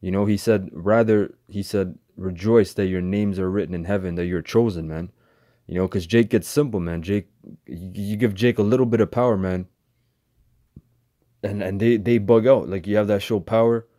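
Speaking at a normal speed with fairly even intonation, a man with a fairly low, warm voice teaches scripture verse by verse. He's a bible teacher who keeps it loose and slangy, repeating "man" constantly and often restarting his sentences.

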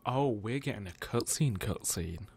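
A man's voice: lowish voice, animated, unhurried, gravelly, darkish tone, soft background music. Joking young man gaming host. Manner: joking, laughs often, sarcastic. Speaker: let's play host. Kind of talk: casual gaming commentary.

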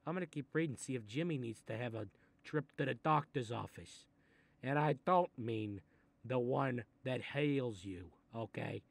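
A man voicing a short-tempered Italian-American mob boss who grumbles, swears and threatens, in a comedic animated role. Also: mid-range voice, moderate pace. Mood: gruff menacing. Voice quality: gravelly, threatening. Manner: grumbling asides, sudden angry outbursts, swearing. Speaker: mob boss reading a children's book.

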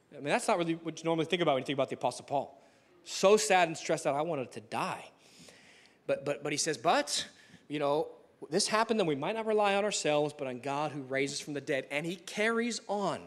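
A man preaching a sermon in a church, telling stories in a casual, animated way with frequent restarts. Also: a little high, brisk. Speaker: pastor.

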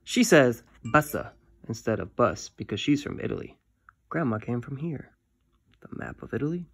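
Gravelly man reading a story aloud. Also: mid-range voice, normal speed, no room sound. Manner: friendly, lively read-aloud. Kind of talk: reading a comic book aloud to children.

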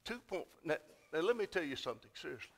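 A man delivers a church sermon. He has a high voice and swings from folksy storytelling to emphatic, repeated exhortations. He sounds like a pastor speaking from the pulpit in a sanctuary. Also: very animated, fast talker.

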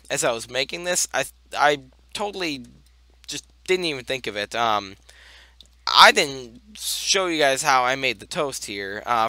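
Young man, casual gameplay commentary, bright voice, dry close sound, rambling with fillers. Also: medium pitch, no room sound. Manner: rambling, many fillers, talks through steps. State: hiccups. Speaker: gaming channel host.

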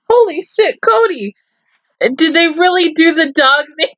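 A woman chats casually through a reaction video, breaking into laughter and soothing her dog in soft baby talk. Her voice sits high and swings widely, and she takes her time. The sound is dry and a little muffled, like a plain home setup. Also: expressive, takes it slowly, dry recording. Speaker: anime reaction video host.

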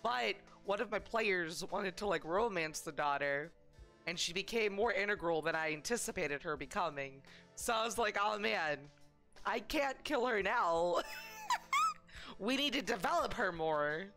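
A woman's voice: mid-range voice, sing-song, a little slow, bright, forceful tone, soft background music. Rambling, giggly woman streamer. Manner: self-deprecating, giggly, rambling with fillers. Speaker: game streamer. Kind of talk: casual live-stream chat.

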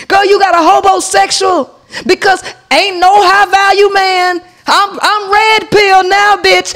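A woman in her forties hosting a podcast, telling a profane comic story in an animated rant and addressing her listeners directly. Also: extremely high pitch. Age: 40s. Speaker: podcast host.

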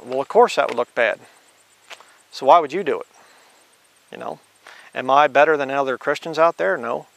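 A male preacher slowly reading scripture aloud, then adding blunt conversational asides. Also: medium pitch, creaky, a bit bright. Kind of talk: informal Bible teaching.

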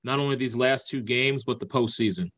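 A male reporter puts questions to a coach at a press conference, polite and formal, addressing him as sir. His voice is mid-pitched and plain. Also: a little fast, a bit bright.

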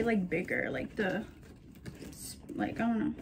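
Young woman, casual vlogger, slightly high voice, gushing and chatty. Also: animated, a little slow, a little hiss or hum. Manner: gushing, chatty, talks to her purses. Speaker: shopping vlogger. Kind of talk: casual chat to camera.

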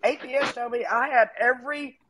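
A woman's voice: on the high side, fairly quick, crowd noise, poor audio. A woman hosting a casual livestream chat, talking in a heated, emphatic way.

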